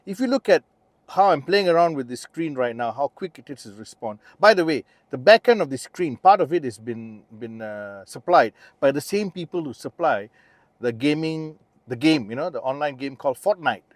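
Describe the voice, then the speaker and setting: A man's voice: a little high, lively intonation, moderate pace, dry recording. A middle-aged man with a Malaysian English accent, giving a chatty, enthusiastic car review from inside the car, with plenty of fillers and restarts. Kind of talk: casual test-drive review.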